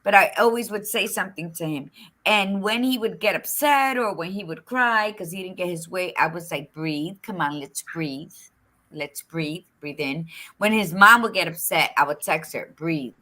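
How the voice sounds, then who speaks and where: A middle-aged woman co-hosting a casual talk show, chatting in an expressive, frank and folksy way, with Spanish words mixed in. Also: medium pitch, moderate pace. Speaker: podcast co-host. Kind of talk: casual chat.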